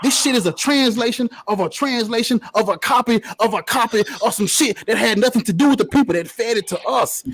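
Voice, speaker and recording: A man's voice: extremely high pitch, brisk, hardly any pauses, fairly bright tone. A man making a profane, emphatic argument in a heated debate in front of a live audience. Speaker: debate panelist.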